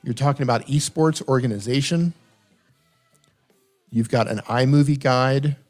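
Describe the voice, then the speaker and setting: Man, live stream host, coaching tone, repeats for emphasis, mid pitch, faint music behind. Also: a little slow, darkish tone. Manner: coaching, repeats himself, reads chat aloud. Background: faint funk music.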